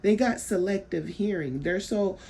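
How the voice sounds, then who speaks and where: A woman's voice: mid-range voice, normal speed, vocal fry, mellow, slightly rough. A woman telling a story in a casual, blunt way, swearing freely and repeating herself as she vents. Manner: rambling, repeats words while telling a story. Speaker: vlogger.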